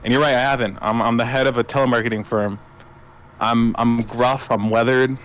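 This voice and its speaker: A man voicing a gruff, weathered telemarketing boss of about forty who speaks in a low, tired, grounded way. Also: steady tone, brisk, a bit bright, a little hiss or hum, natural voice. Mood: earnest.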